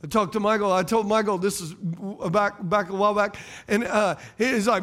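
A man's voice: high voice, steady tone, normal speed, a bit bright. A middle-aged male pastor preaching a sermon, repeating key phrases and throwing questions at his congregation. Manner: preaching cadence, fires rhetorical questions at the congregation.

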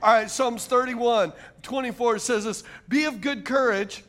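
High-voiced energetic male pastor preaching. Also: measured pace. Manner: energetic preaching, dropping to a hushed "praise God". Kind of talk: sermon.

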